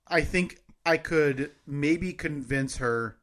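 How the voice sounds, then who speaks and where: Male podcast co-host, bright voice, playful banter, laughs easily. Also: on the high side, very slow. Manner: joking, laughs often. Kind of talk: casual chat.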